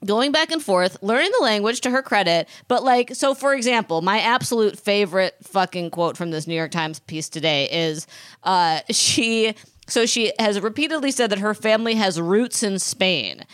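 A woman in her thirties gossips with her co-hosts in an easygoing, chatty way. She tells stories with energy and slips into the voices of the people she quotes. Her voice is mid-pitched and sounds close and dry. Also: normal speed, dry recording. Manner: animated storyteller, acts out quoted voices. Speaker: podcast co-host. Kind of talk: casual gossip chat.

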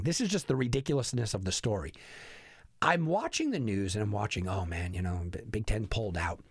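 A man giving an animated, sarcastic sports betting monologue full of exasperated rhetorical questions. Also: on the high side, dry recording, studio quality.

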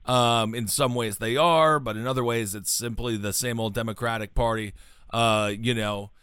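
A male host from Wisconsin with a smooth, resonant voice, recorded close and dry. He asks questions in a relaxed way and slips in playful jokes. His pitch sits in the middle for a man. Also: normal speed, no echo. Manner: playful, jokey asides. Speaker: show host. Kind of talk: casual interview chat.

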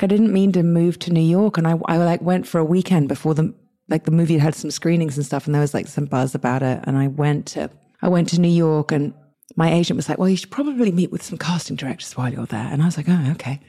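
English woman guest, low mellow voice, chatty storyteller who restarts a lot. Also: a little fast. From England. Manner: lively, chatty, many restarts and quoted asides. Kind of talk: casual interview storytelling.

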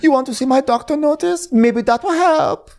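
A man's voice: very high-pitched, moderate pace, darkish tone, voice pushed up. A man putting on a haughty, indignant middle-aged woman in a mocking impression. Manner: exaggerated mocking imitation.

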